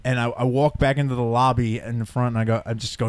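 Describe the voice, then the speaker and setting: A man's voice: medium pitch, steady tone, fast, darkish tone, no echo. Man, podcast co-host, crude storyteller, close dry sound. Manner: crude storytelling, laughs often. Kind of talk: casual chat.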